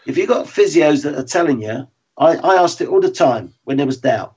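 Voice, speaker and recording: A man in his sixties, a former footballer, talking frankly and in a measured way as an interview guest. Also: a little high, animated, a little mellow, husky. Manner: frank and plain-spoken, measured. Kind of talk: reflective interview talk. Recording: slightly dull lo-fi sound.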